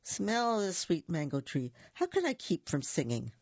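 A reader voicing a brave, cheerful rooster in a storybook read-aloud, speaking with plain, steady defiance. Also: mid-range voice, unhurried, husky, dry recording, heavily acted. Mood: cheerful resolve. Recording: dull lo-fi recording.

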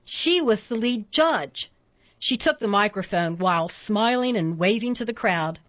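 A woman narrating a storybook at a steady pace, giving each character its own voice. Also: mid-range voice, unhurried, dry recording. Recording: dull lo-fi dry recording.

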